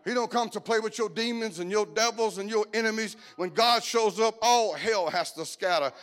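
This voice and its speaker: A middle-aged man preaching a sermon, mixing lively jokes and stories into his message. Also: high voice, moderate pace. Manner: lively, joking storytelling preacher style.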